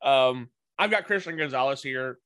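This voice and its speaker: A man's voice: medium pitch, expressive, normal speed, a bit bright, smooth, no echo. A man co-hosting a casual podcast, breaking down football prospects in a hesitant, analytical way with many filler words.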